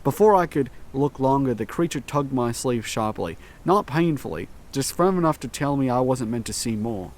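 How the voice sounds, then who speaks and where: A man narrates a first-person horror story in a mid-pitched voice. His reading is slow and tense, with dramatic pauses between phrases. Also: lively intonation.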